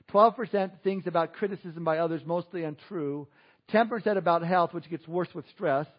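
A man preaching an Easter sermon, telling stories with lively swings and quiet emphasis. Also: sits high. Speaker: pastor. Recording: dull lo-fi audio.

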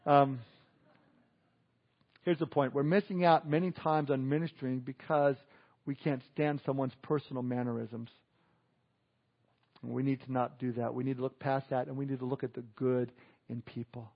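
A man's voice: mid-range voice, steady tone, normal speed, gravelly, long pauses. Man preaching a casual sermon, dull audio. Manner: conversational preaching with chuckles and asides. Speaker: pastor.

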